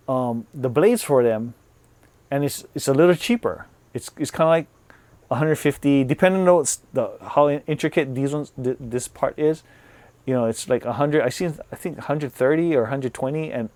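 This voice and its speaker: Man, casual vlog chat, rambling, repeats himself, medium pitch, dry room sound. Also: a little mellow, dry recording. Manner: rambling, repeats and restarts words, says "like" often. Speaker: vlogger. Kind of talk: casual product review chat.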